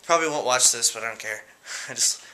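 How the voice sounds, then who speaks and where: A teenage guy rambling through shout-outs in a casual vlog at home, giggling and hesitant. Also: medium pitch, a little fast. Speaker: vlogger. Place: room at home.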